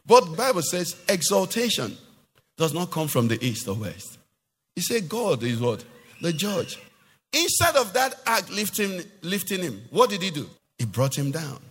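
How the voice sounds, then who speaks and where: Male pastor, high voice, swings a lot in pitch, long echo of a church hall. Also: moderate pace, breathy edge. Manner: animated preaching with rhetorical questions to the congregation. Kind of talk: sermon.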